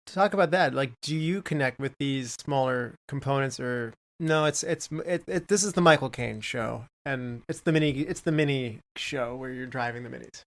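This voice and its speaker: A man's voice: mid-range voice, moderate pace, few pauses, a bit bright. A man co-hosting a film podcast, chatting and asking a guest questions, with slight stammers. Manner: conversational, stammers a little, asks questions. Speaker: podcast co-host. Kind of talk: casual film discussion.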